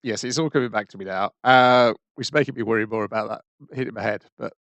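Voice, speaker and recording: Halting man speaking loudly, dry sound. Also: fairly low pitch, no echo, dull audio. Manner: loud, halting, with drawn-out fillers. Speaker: podcast co-host. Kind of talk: casual chat.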